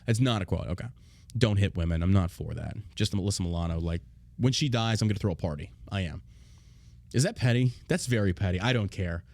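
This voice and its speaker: A man's voice: low voice, fast talker, a little mellow, no echo. A man hosting a show, ranting bluntly and profanely in a casual, heated way. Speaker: show host. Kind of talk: casual political rant.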